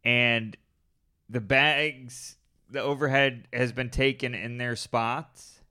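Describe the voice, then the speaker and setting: Bright, smooth-voiced man giving travel tips. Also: medium pitch, fairly even intonation, slow. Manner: offers practical tips, teasing asides. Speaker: podcast co-host. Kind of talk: casual chat.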